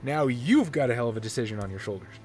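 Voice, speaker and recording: A man acting as game master, narrating a tabletop horror game and making brisk rules calls. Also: medium pitch, animated, a little mellow. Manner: brisk, matter-of-fact rules calls mixed with vivid scene narration.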